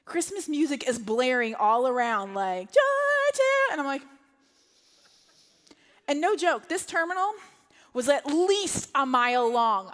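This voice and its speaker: A woman in her thirties telling an animated personal story from a church stage, gasping and acting out other people's voices. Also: on the high side. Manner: animated, acts out others' voices, breathless gasps. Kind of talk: sermon storytelling. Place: large church hall. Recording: long hall reverb.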